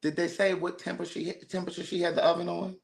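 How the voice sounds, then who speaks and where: Guy hosting a podcast, high voice, blunt and animated, swears a lot. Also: quick pace, creaky. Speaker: podcast host. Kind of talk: casual chat.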